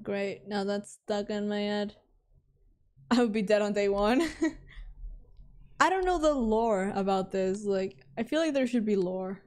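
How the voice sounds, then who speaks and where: A woman's voice: medium pitch, darkish tone. A young woman streamer talking to herself through a horror game, jumpy and pleading, then joking at her own expense. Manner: jumpy, talks to herself, pleading and self-mocking. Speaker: VTuber streamer.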